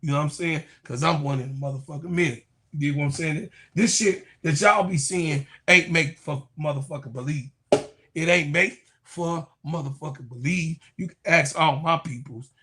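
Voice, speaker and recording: A man in his fifties ranting casually to viewers as a sports commentator, animated and profane, often repeating his phrases. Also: on the high side, moderate pace. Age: 50s. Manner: animated, profane, keeps repeating "you know what I'm saying".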